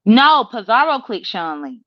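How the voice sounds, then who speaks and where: A woman's voice: on the high side, big pitch swings, measured pace, dry recording. Emphatic woman on a dull, dry line. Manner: emphatic and profane. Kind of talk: casual commentary chat.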